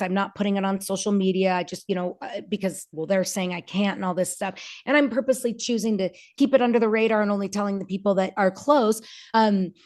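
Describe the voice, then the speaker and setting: Earnest woman, halting and candid. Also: mid-range voice, darkish tone. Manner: earnest, halting with many restarts, acts out quoted dialogue. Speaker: podcast guest. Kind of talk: candid personal conversation.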